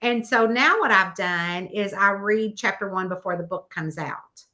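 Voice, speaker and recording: A woman author chatting in an interview, telling stories in an animated way with plenty of fillers like "um" and "you know.". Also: medium pitch, a little slow. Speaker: guest author. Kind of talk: casual interview chat.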